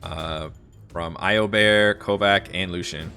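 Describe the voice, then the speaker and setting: A man's voice: deep voice, steady tone, takes it slowly, sharp tone, soft background music. A man narrating as the dungeon master of an online tabletop game, laid-back and laughing often. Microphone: home microphone on voice chat.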